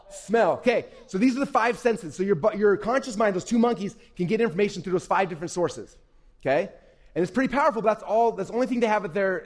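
A man speaking at a rapid clip in a slightly high voice, presenting to a room of kids and adults. His delivery is upbeat and conversational, and he keeps checking in with the room. The sound carries the long reverb of an event hall. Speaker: workshop presenter. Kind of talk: interactive talk to a youth audience. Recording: echoey hall.

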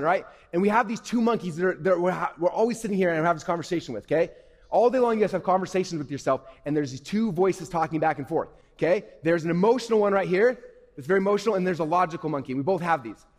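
Fast-talking man presenting in an echoey hall. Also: high-pitched. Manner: upbeat, keeps checking in with "okay?". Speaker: workshop presenter. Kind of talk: interactive talk to a youth audience. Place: event hall.

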